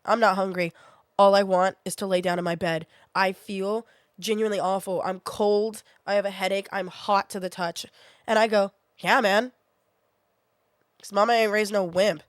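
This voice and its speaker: A woman's voice: mid-range voice, little pitch movement, normal speed, smooth, no room sound. Young woman streamer rambling a story to chat from her bedroom, acts out her own lines, dry sound.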